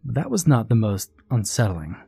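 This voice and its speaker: A man narrating a first-person horror story in a steady, measured storytelling voice. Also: mid-range voice, vocal fry, husky, dry recording.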